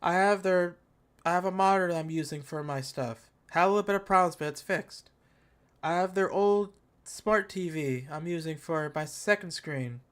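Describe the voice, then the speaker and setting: A man's voice: sits high, moderate pace, fairly bright tone, smooth. A man hosting a tech channel, giving live commentary on a product event in a casual, slangy, joking rant and talking to his chat. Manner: ranting, joking, exaggerated mockery.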